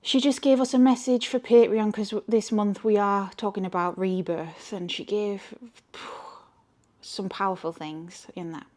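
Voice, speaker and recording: A chatty woman with a broad Geordie accent talks to her camera as a tarot reader. She rambles freely and speaks her mind plainly. Her pitch sits in an ordinary middle range for a woman. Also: fairly even intonation, measured pace, a little mellow. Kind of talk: casual chat to camera.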